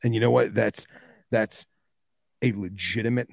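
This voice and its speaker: A man's voice: lowish voice, fairly even intonation, moderate pace, vocal fry, no room sound. A man co-hosting a podcast in casual chat, arguing his point firmly and acting out what other people said. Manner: argumentative, acts out quotes from others. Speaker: podcast co-host.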